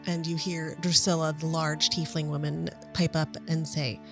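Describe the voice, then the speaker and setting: A woman running a tabletop role-playing game as game master, narrating in a relaxed, chatty way with giggles. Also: low voice, normal speed, hardly any pauses, faint music behind.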